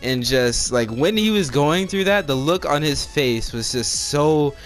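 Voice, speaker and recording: A man's voice: a little high, lively intonation, a little slow, soft background music. A man telling a personal story to his viewers in a casual, rambling way, filling his talk with "like" and checking in with "all right?". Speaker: storytime vlogger.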